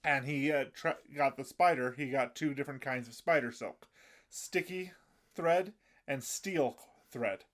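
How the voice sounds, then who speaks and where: A man co-hosting a casual podcast, recapping an anime episode in a halting way with many fillers. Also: medium pitch, a bit bright. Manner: halting, fills gaps with um and uh. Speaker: podcast co-host.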